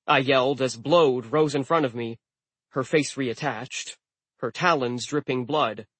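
A man reading a first-person audiobook narration with wry, deadpan humor. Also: medium pitch, unhurried, husky. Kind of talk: scripted narration.

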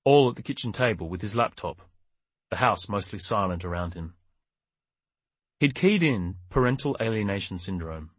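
A man narrating a crime novel audiobook in a steady, measured way. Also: fairly low pitch, slightly rough, no room sound. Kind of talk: scripted narration.

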